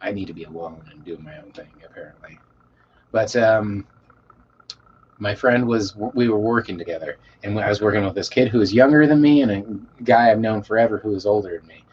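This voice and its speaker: A man telling a rambling story to a live chat, swearing a lot and trailing off into quiet mumbles. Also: fairly low pitch, fairly quick. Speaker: streamer reading chat. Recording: dull lo-fi mic with faint hiss.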